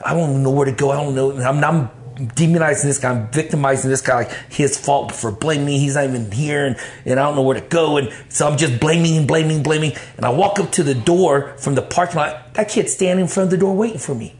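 A man from Texas, telling his life story in casual, animated talk full of cursing, acting out his own past thoughts. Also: on the high side, fast.

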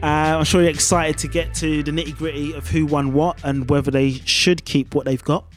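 A man's voice: on the high side, level tone, fairly quick, faint music behind. A man hosting a casual podcast chat, upbeat and chatty, with plenty of fillers. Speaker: podcast host.

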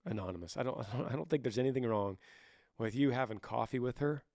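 A man's voice: mid-range voice, a little fast, no echo, clean studio sound. Earnest man with a scratchy voice. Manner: earnest, conversational, with restarts and soft laughs. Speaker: podcast host. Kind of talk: casual advice talk.

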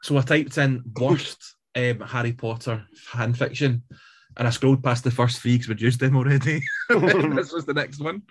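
A man with a husky, breathy voice and a middling pitch. He co-hosts a podcast and reads crude fan fiction aloud in a deadpan way. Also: moderate pace. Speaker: podcast co-host.

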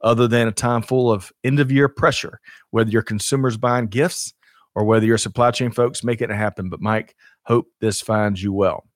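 A man co-hosting a livestreamed supply chain show chats casually, upbeat and talkative, with frequent laughs and fillers. His voice is fairly low and steady at normal speed, and the studio sound is clean with no echo.

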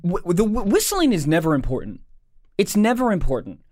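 A man's voice: high-pitched, fairly quick, dry recording, studio quality. A man co-hosting a comedy podcast, telling a funny story in casual chat and acting out other people's voices. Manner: animated, acts out voices in anecdotes. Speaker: podcast co-host.

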